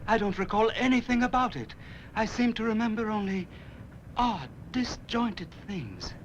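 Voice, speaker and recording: An actor in a 1950s TV drama playing a confused, haunted German man on a ship, speaking in an uneasy, halting way. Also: sits high, expressive, muffled recording, slight background noise. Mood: bewildered.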